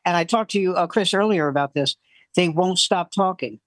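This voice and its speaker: An older man in his seventies or beyond, a veteran comic, rattles off club stories in a casual, animated way. He slips into the voices of the people he quotes. The sound is dry and close. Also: high voice, a little fast, no echo. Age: 70s or older. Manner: animated storyteller who acts out quoted voices. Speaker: veteran comedian guest. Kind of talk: casual anecdote telling.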